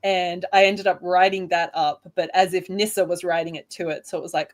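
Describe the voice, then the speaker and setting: Soft-spoken Australian woman author, chatty. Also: fairly low pitch, brisk. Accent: soft Australian (Adelaide). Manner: chatty, laughs often, self-deprecating. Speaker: guest author. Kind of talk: casual interview chat.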